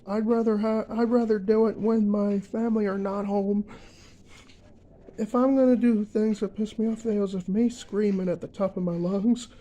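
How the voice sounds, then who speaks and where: A young man ranting in a vlog, emphatic and repetitive, filling pauses with uh and um. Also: high voice, warm tone, rough recording. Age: young adult. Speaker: vlogger.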